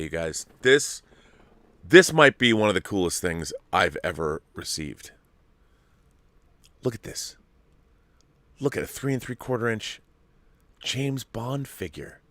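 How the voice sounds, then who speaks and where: A man hosting a casual live-stream chat, excitable and gushing, rambling with restarts. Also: fairly low pitch, dry recording. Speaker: host.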